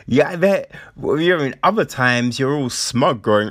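Man, podcast host, casual rant, sarcastic, profane, slow delivery, dry recording. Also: fairly high pitch, huge pitch swings, bright, forceful tone, no echo. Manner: profane, sarcastic, mocking voices of others. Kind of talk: casual ranting monologue.

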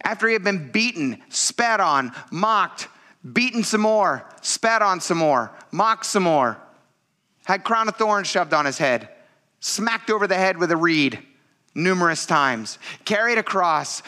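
A pastor preaches a sermon in a fairly high, bright voice with a forceful edge. He talks in an earnest, conversational way and keeps speaking straight to his listeners as "you guys.". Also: lively intonation, unhurried. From United States.

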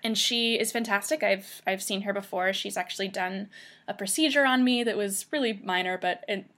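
Hosting her podcast, a young woman chats casually through a personal story, often saying um and starting sentences over. She speaks at a moderate pace in a mid-range voice with a fairly bright tone.

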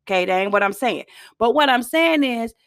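A woman hosting a casual motivational talk in a folksy, chatty way, often clearing her throat and coughing. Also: fairly high pitch, lively intonation, brisk, fairly bright tone. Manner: chatty, folksy, addresses listeners as y'all. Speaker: host.

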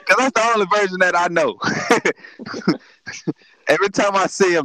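High-voiced man joking around. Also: moderate pace, no room sound, poor audio. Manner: joking, animated storytelling. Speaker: podcast co-host. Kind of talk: casual chat.

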